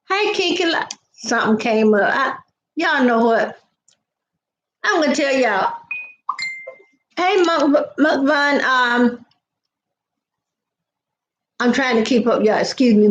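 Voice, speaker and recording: A woman's voice: a little high, roomy sound, slight background noise. An older woman, hosting a casual live chat, greeting viewers by name and drifting into family stories. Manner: chatty, greets viewers by name, storytelling asides. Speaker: livestream host.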